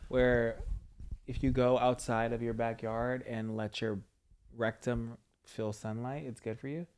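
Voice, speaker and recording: A young man co-hosting a podcast, telling crude jokes in a lively, animated way. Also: mid-range voice, unhurried, clear, resonant tone. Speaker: podcast co-host. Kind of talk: casual chat.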